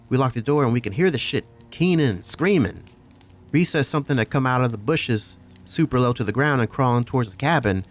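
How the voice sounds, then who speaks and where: A man narrating a first-person horror story in a profane, conversational way. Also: medium pitch.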